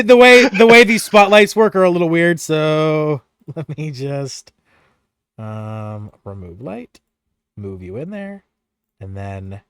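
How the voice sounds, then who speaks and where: A game master narrating a tabletop game in a playful, lively way, likely recorded at home over an online voice call. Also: medium pitch, no room sound, studio quality.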